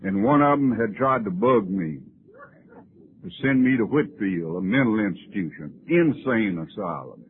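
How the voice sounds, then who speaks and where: At a recovery meeting, a man tells his personal story in a folksy, wry, self-mocking way. His voice is fairly low, expressive and at normal speed, heard on a muffled, lo-fi old tape with faint hiss.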